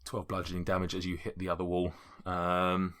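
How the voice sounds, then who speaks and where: Bright-voiced man running a tabletop game. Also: low voice, completely flat delivery, a little fast. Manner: chatty, laughing often, casual swearing. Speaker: game master.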